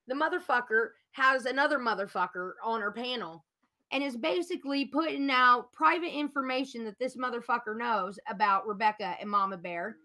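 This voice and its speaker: A woman's voice: fairly high pitch, normal speed, bright, forceful tone. A woman on a livestream panel, angry and venting with lots of swearing. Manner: irritated, profane venting. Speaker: panel guest. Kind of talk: casual livestream chat.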